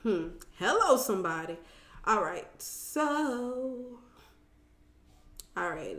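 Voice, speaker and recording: A woman's voice: a little high, extremely slow, pauses often, echoey room. A woman hosting a casual live stream, talking straight to her viewers and reading their comments aloud. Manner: chatty and animated, talks straight to viewers, reads comments aloud. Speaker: live-stream host recapping a reality show.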